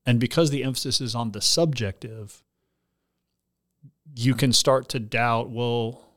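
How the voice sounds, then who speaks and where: Mid-pitched man, a pastor hosting a podcast, reads a listener's letter aloud and then talks the question through in a considered, explanatory way. His voice sits in an ordinary middle register, and he often restarts his sentences as he thinks. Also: steady tone, measured pace, a bit bright.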